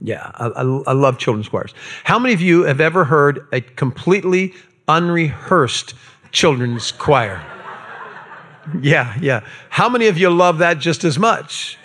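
A man preaching a sermon as pastor, animated and acting out quoted voices. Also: unhurried. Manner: animated, acts out quotes with raised pitch.

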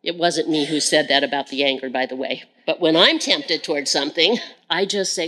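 A woman's voice: medium pitch, moderate pace, fairly bright tone, low-quality recording. A woman giving an earnest sermon as a Bible teacher. She repeats phrases for emphasis and often turns to speak to God directly in prayer.

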